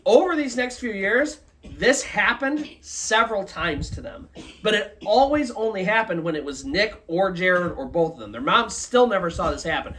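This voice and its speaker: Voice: mid-range voice, animated, moderate pace, fairly bright tone. A storyteller giving a live, loosely conversational retelling of a ghost story. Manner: loose conversational telling with many "like" and "kinda".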